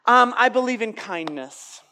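Man doing a gushing chatty young woman, airy sing-song voice, high-pitched. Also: lively intonation, unhurried, pushed and bright, a little hiss or hum, exaggerated voice.

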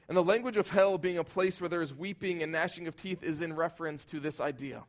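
A man preaching a sermon, earnest and emphatic, his voice swelling loud at high points and sinking soft and low at others. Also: fast talker. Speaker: pastor.

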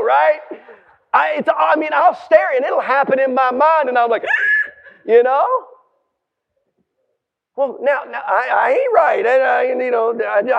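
A man in his forties preaching a sermon, telling a story dramatically, swinging from hushed tones to shouts and stumbling over restarts when excited. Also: extremely high pitch, creaky. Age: 40s. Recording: dull lo-fi sound.

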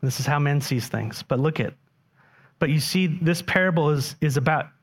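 A man preaching a sermon, animated and often putting questions to the congregation. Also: fairly high pitch, normal speed. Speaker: pastor.

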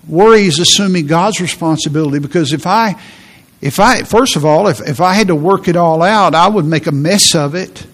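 A middle-aged man preaching a sermon as pastor, earnest, often repeating phrases and slowing down for emphasis. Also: on the high side, fairly bright tone.

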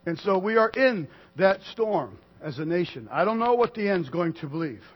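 A man preaching a sermon to a congregation, swinging from loud declarations to quiet asides. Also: sits high, animated, moderate pace, breathy edge, muffled recording. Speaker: pastor.

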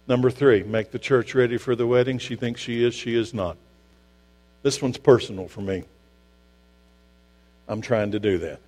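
A man preaching a sermon as pastor, emphatic, asking the congregation rhetorical questions and swinging from loud to hushed. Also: medium pitch. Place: church sanctuary. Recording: long hall reverb with mains hum.

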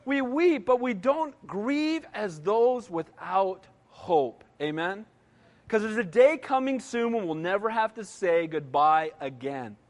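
A man's voice: high voice, lively intonation, slow. A man in his sixties preaching a sermon emphatically, often asking the congregation "Amen?". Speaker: pastor. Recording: long reverb of a large hall.

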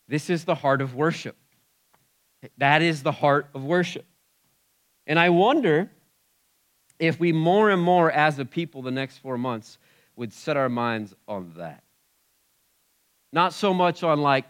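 A man preaching a sermon in an animated way, acting out the cries he describes. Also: sits high, moderate pace. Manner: animated, acts out the creatures' cries. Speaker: pastor.

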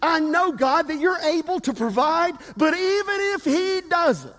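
High-voiced preacher in a big hall. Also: male voice, sing-song, moderate pace, few pauses, a bit bright. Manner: preaching with rising emphatic repetitions and call-and-response. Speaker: pastor. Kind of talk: sermon. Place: church sanctuary. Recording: reverberant hall.

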